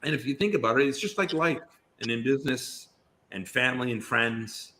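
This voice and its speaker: A medium-pitched man talks fairly quickly with a sharp tone, and a little hiss or hum is audible. As a guest actor on a podcast, he chats casually, telling long stories that ramble and restart often.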